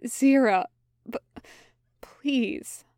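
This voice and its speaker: A woman's voice: fairly high pitch, steady tone, unhurried, a little mellow, no echo, studio quality, close to an everyday voice. A woman voicing a frightened male demon who pleads and stammers earnestly. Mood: pleading.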